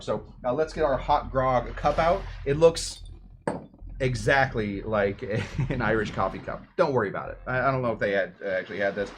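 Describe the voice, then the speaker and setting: A man's voice: medium pitch, background noise. A man hosting a cocktail show, talking casually in a rambling way, interrupting himself with jokey asides. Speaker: host of a drinks show.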